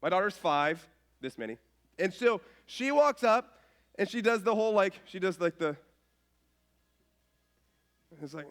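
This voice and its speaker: A man in his thirties preaching a casual, self-mocking sermon with stories, dropping to a soft voice when quoting others. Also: sits high, measured pace. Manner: animated, self-mocking, drops to soft voice for quotes. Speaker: pastor. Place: church stage.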